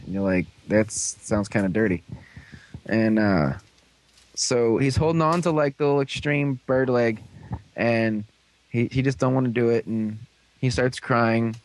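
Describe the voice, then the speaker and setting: A man's voice: mid-range voice, normal speed. A man on a casual voice-call podcast, recapping an episode in a rambling way and acting out the characters' lines. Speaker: podcast host recapping a show. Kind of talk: casual chat over a voice call.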